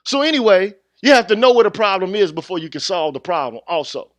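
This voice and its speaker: A man's voice: high-pitched, very animated, quick pace, a bit bright, no echo. A man hosting his own channel, ranting bluntly in street slang, heated and confrontational in a casual monologue to viewers. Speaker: channel host.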